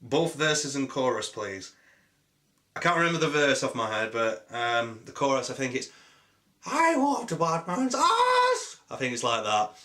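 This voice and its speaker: A young British man with a sore throat and a cold, answering viewer questions in a rambling, jokey, deadpan way with many ums. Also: medium pitch, normal speed. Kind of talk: rambling casual Q&A.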